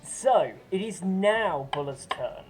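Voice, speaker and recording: A woman's voice: lowish voice, expressive, slow pace, soft background music. A woman running a tabletop game as game master, giving brief rulings.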